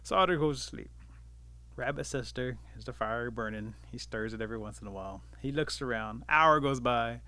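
A male storyteller narrating an animal folk tale with lively, dramatic pacing. His voice is bright and forward at an ordinary male pitch. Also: fairly quick, dry recording.

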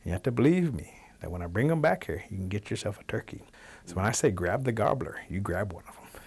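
A man's voice: lowish voice, expressive, fast talker, a little mellow, breathy edge. A man voicing a sly little trickster rabbit in a told folktale, eager and persuasive. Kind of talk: oral storytelling.

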